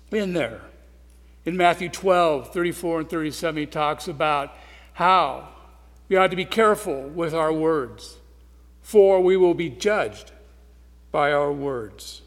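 In a large hall whose long reverb carries every word, a man with a high voice delivers an earnest, intense sermon. He moves at a measured pace, pressing hard on loud points before slipping into soft, quiet asides.

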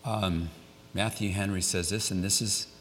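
Older male pastor, low voice, emphatic sermon delivery with repeated lines, long hall reverb and faint rumble. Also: steady tone, moderate pace. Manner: emphatic, repeats key phrases, drops to quiet for weight.

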